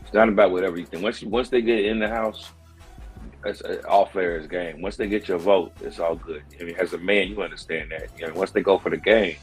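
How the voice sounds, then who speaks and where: A tipsy man with a low, easy voice, co-hosting a casual podcast. He rambles and repeats himself as he talks, and faint music sits behind him. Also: steady tone, a little fast, breathy edge. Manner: loose, rambling, tipsy talk. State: tipsy with hiccups. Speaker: podcast co-host. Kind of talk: casual chat.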